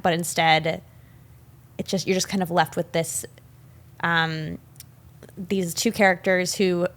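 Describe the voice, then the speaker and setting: A young woman co-hosting a film podcast, retelling scenes in a chatty, animated way with many fillers. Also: lowish voice. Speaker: podcast co-host. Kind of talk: casual film discussion.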